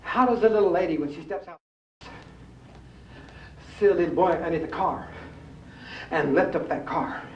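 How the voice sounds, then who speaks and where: A man's voice: a little high, normal speed, long pauses, slight background noise. A man teaching a rebounding exercise class to a live audience in a folksy, coaxing way, often asking the crowd true or false. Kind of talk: live fitness demonstration to an audience. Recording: distant, echoey, dull old room recording.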